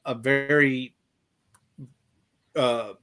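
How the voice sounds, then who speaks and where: Halting, enthusiastic male podcast host. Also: mid-range voice, steady tone, pushed and bright. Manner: enthusiastic, halting, repeats words. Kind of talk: casual book chat.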